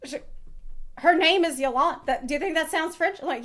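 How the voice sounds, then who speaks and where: A woman's voice: high-pitched, normal speed, a bit bright. A woman streamer giving rambling live reaction commentary, laughing and swearing freely.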